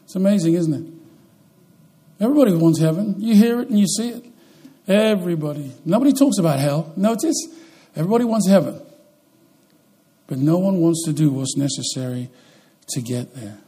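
A man preaching a sermon as pastor, swinging between loud, emphatic lines and quiet, slow ones. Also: a little high, expressive, husky.

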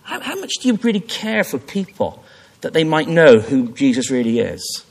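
Male preacher, sermon delivery, emphatic with restarts, lively rising and falling pitch. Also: normal speed. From Wales. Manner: emphatic, rising to fervent repetition with frequent restarts.

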